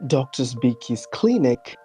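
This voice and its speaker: Low mellow woman reading a bedtime story. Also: a little slow, soft background music. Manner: laughs easily, relaxed and playful. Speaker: storybook reader.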